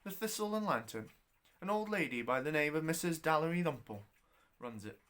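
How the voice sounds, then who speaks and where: A plain-spoken young Scottish railway porter, as a storyteller voices him, obliging and direct. His voice moves lively up and down as he points the way and passes on a friendly warning. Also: on the high side, a little fast. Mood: helpful.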